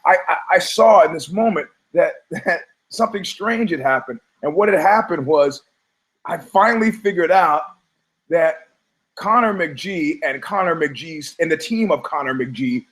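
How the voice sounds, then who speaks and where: A man hosting a talk show, delivering a rambling, emphatic monologue, swearing, stumbling over words and slipping into quick mimicry of other people. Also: on the high side, a bit bright. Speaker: podcast host. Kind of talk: opinionated monologue.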